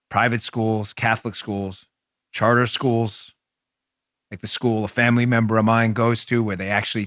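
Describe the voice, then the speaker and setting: A man's voice: on the low side, fairly bright tone, no room sound, studio quality. A middle-aged man hosting a podcast, delivering a fired-up political commentary monologue with emphatic, repeated words. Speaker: podcast host.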